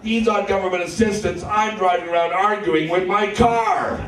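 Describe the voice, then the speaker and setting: A man doing a stand-up comedy set in a club, with deadpan delivery and crude punchlines. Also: high-pitched, normal speed, a crowd in the background. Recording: live club set from a distance, echoey, audience.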